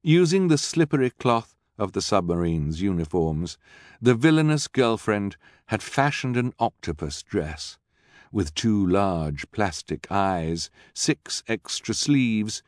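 Slow, lively, lowish male narrator. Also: dry recording. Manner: dry, wry storyteller with lively inflection. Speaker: audiobook narrator. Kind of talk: scripted narration. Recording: dry, close studio mic.

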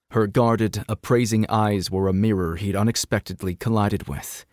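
A man narrating a novel with measured, dramatic storytelling. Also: fairly low pitch, darkish tone, dry recording, studio quality. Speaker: audiobook narrator. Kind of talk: scripted narration.

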